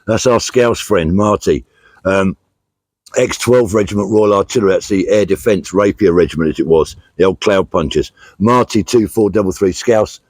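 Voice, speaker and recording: A man's voice: sits low, moderate pace, a little mellow, no echo. A middle-aged British man hosting a casual vlog outdoors, chatting plainly and reading out thank-yous to donors, with many fillers. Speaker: vlog host, charity walker. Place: outdoors on a country walk.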